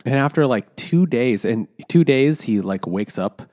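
A man's voice: mid-range voice, lively intonation, unhurried, a little mellow, no echo, clean studio sound. A man casually retelling a book's plot with rambling restarts. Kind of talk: casual book discussion.

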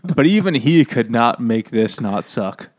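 A man's voice: medium pitch, expressive, no room sound, studio quality. A man co-hosting a casual podcast chat, joking and swearing freely and laughing often. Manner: profane, joking, quick to laugh. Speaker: podcast co-host.

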